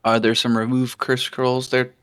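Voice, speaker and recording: A man's voice: medium pitch, monotone, normal speed, fairly bright tone, smooth. A man with an ordinary mid-range voice chats casually at the game table. He keeps asking playful, teasing questions.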